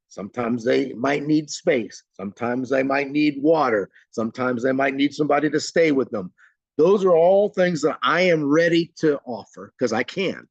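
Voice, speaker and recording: An American man leading a live training webinar, talking in a conversational, energetic way and acting out little scenes. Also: medium pitch, dry recording, lo-fi sound.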